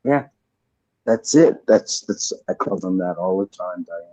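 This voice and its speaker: A man's voice: low voice, lively intonation, measured pace, mellow, no echo, low-quality recording. A man co-host in casual chat, agreeing indignantly and swearing. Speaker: podcast co-host.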